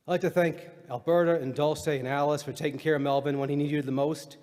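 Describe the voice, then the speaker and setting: A middle-aged man giving a eulogy for his father, telling funny stories with deadpan punchlines. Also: on the high side, fast, hardly any pauses. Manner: wry storytelling, deadpan punchlines. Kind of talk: eulogy speech with humorous stories. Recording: reverberant hall recording.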